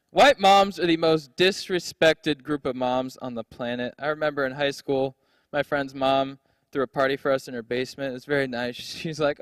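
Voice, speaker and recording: A man's voice: mid-range voice, moderate pace, a bit bright, dry recording, clean studio sound. A young man doing a stand-up comedy set on a handheld stage mic, brash, profane and self-mocking.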